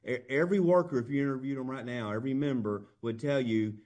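A man, a union representative speaking as an interview guest, earnest and plain-spoken, with halting restarts. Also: mid-range voice, darkish tone.

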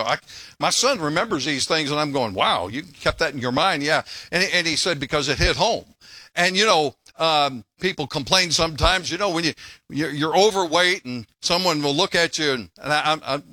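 An older man preaching in a folksy, joking way, trading jokes and scripture. His voice sits high and swings around a lot, bright and forceful. The sound is dry and close. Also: dry recording. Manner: folksy, joking preacher who breaks off to tell stories. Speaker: pastor. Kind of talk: sermon.

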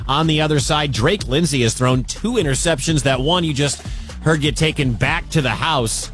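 A man's voice: fairly high pitch, normal speed, a bit bright, soft background music. A man from the American Midwest hosting a radio sports talk show, chatty and opinionated, often tripping over his words. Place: studio in Des Moines.

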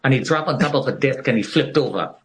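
Speaking fast at a medium pitch, a male interview guest relates a personal anecdote, acting out the dialogue of the people involved with animated energy.

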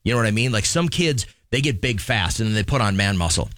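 A man's voice: on the low side, animated, fast talker, fairly bright tone, dry recording, studio quality. A middle-aged man co-hosting a casual chat show, easygoing and rambling as he talks about coaching. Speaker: co-host and football coach.

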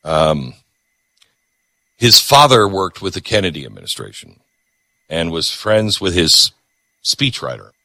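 A man hosting a radio talk show, ranting sarcastically in an animated monologue from the studio. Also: low-pitched, unhurried, pauses often, no echo.

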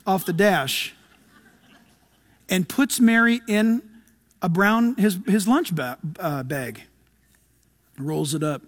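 A man preaching a sermon, swinging between loud urgent appeals and hushed asides, acting out little quotes as he goes. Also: high voice. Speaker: pastor.

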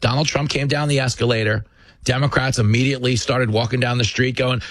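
A male host delivers a sarcastic, impassioned commentary monologue in an average-pitched voice. He talks quickly and tells stories along the way. The sound is close and dry, with no room echo. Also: fairly even intonation, a bit bright. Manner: fast, sarcastic, impassioned, storytelling.

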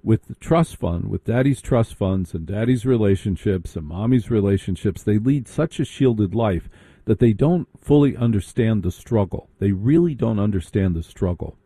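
A man telling a sarcastic, animated comic story in a stand-up style. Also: on the low side, normal speed, slightly rough, dry recording, studio quality. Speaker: comedic storyteller.

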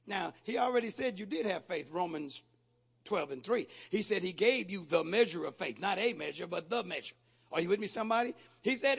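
A male pastor preaching a sermon with call-and-response, building from steady teaching to shouted exhortation. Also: high-pitched, moderate pace, slightly rough.

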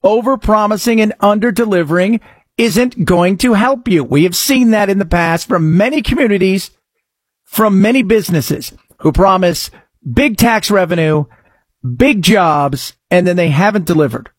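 A man's voice: high voice, moderate pace, slightly rough, no room sound. A man delivering emphatic opinion commentary, full of rhetorical questions and frequent restarts.

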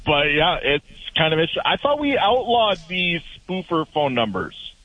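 A male caller comes through a slightly muffled phone line, chatting casually with the host. His pitch moves around a lot as he recounts what happened, and he sounds amused by it all. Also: big pitch swings, normal speed, no echo.

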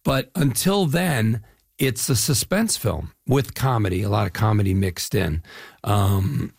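A man's voice: fairly low pitch, measured pace, gravelly, slightly rough, no room sound. A middle-aged man from the Chicago area, an actor telling rambling stories in a casual interview. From Chicago area, Midwest US. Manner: animated, rambling storyteller. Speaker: actor guest.

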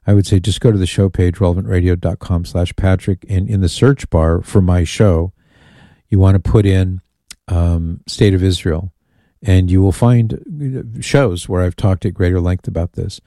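A man's voice: low voice, normal speed, mellow, dry recording, studio quality. A man hosting a call-in radio show, chatting in an amused way and reading listener emails aloud.

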